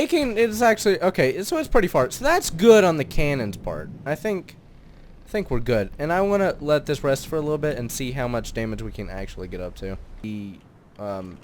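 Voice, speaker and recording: A man hosting a let's play, muttering his thoughts aloud as he builds and tests, then bursting into excited shouts. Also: mid-range voice, a little hiss or hum. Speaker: gaming channel host.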